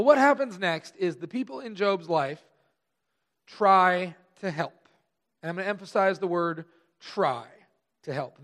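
A pastor preaching a conversational sermon, stressing key words slowly and trailing off softer at the ends of phrases. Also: male voice, high voice. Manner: conversational, pausing with emphatic slow stresses.

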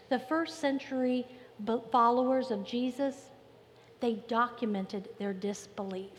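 A woman pastor preaching a sermon in an emphatic style, repeating phrases and pausing for effect. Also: a little high. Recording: long reverb with faint ambient noise.

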